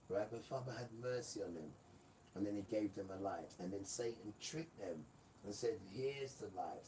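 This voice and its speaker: A man's voice: on the low side, a little mellow. A man giving a rambling, emphatic live-stream monologue, often turning to his audience. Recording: distant mic with faint room noise.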